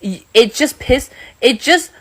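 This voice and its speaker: A woman's voice: high voice, animated, a little slow, fairly bright tone. A woman in a casual, frustrated rant to camera, with some swearing.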